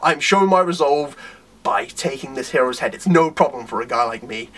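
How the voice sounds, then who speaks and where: A man doing a gruff would-be monster, a young male fighter full of defiant pride. The voice sits well below his usual register, growled and heavy. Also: medium pitch, lively intonation, fairly quick, a bit bright, voice pushed down.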